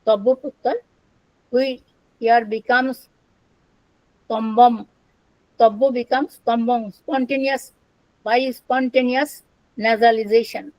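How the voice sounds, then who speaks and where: An older woman giving an academic lecture on ancient language, slow and deliberate, repeating words as she explains. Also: on the high side, fairly even intonation, no room sound, highs cut off. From India. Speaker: lecturer on Sanskrit and Prakrit.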